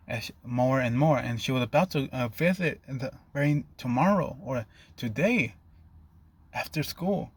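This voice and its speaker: A man's voice: medium pitch, moderate pace, slightly rough. A man narrating an improvised fan fiction story in a loose, rambling way, often stopping to rephrase.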